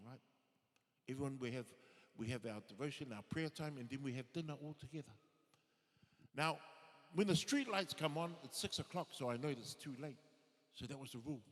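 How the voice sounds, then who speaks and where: A male comedian telling stories as stand-up comedy, lively and acting out the people he quotes. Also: on the high side. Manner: animated, acts out quoted voices. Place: live show in an arts and events centre. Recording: reverberant theatre hall.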